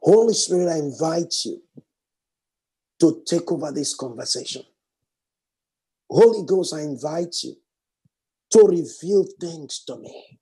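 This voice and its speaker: A man preaching a sermon fervently, repeating phrases and swinging from raised exclamations to hushed prayer. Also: fairly high pitch, expressive, slow pace, pauses often, slightly rough.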